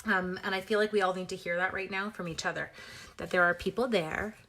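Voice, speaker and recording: Speaking fairly quickly in a medium-pitched, pushed, bright voice with fairly even intonation, a woman from Canada runs a live papercraft demonstration. She's playful and chatty, calls out viewers by name, makes small sound effects, and uses self-mocking humor.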